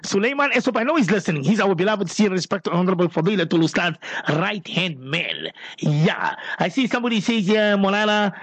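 Male radio quiz host, high-pitched and very expressive, affectionate and playful, repeats phrases. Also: fairly quick, few pauses, no room sound. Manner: animated, playful and affectionate, with lots of repetition. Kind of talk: live call-in radio show.

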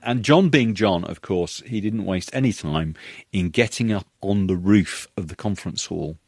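Husky, wry male scientist. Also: sits low, moderate pace, darkish tone, no echo. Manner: wry, dry humor. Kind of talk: conversational interview.

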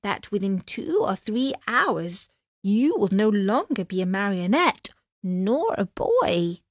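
A woman doing a gentle sorrowful dormouse. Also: medium pitch, sing-song, slow pace, no echo, clean studio sound. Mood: gently grave. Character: fat little female dormouse, kind and sorrowful.

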